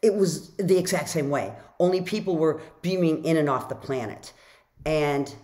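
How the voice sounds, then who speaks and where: A woman author telling a personal story in a casual vlog, chatty and animated, full of "like" fillers and acting out her own reactions. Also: low-pitched, normal speed.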